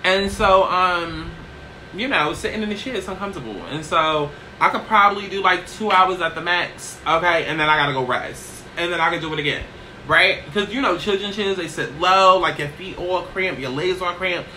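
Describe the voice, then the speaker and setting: A woman chatting casually in a get-ready-with-me vlog, brash and profane, tossing in "okay?" constantly while seated low in a small chair. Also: normal speed, pushed and bright, slight background noise, rough recording. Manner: brash, profane, sassy, keeps asking "okay?". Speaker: YouTuber.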